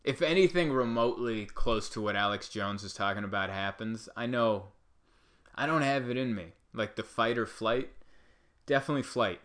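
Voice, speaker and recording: A man delivering a rambling comedic monologue, animated and full of asides. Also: mid-range voice, normal speed.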